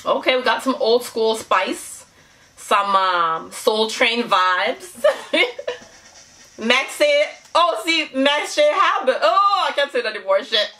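A woman's voice: on the high side, animated, slow, pushed and bright. A woman hosting a casual reaction vlog, bubbly and giggly, gushing out exclamations to her viewers. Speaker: YouTube reaction host.

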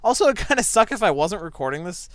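A young man talks through his gameplay in a high, bouncy voice that swings wide. His tone is smooth and clear, and the room sounds dry and close. He gets excitable and yelps when things go wild. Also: fast talker, no echo. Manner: excitable, yelps and laughs at big moments. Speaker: gaming channel host. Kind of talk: gameplay commentary. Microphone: desk microphone set back a little.

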